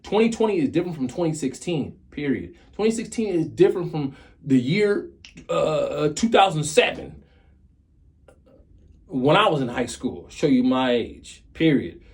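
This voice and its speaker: A man's voice: on the high side, big pitch swings, normal speed, darkish tone. A man in his thirties giving a casual motivational talk to his viewers. He speaks earnestly and repeats key phrases to drive his point home. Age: 30s. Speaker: motivational vlogger.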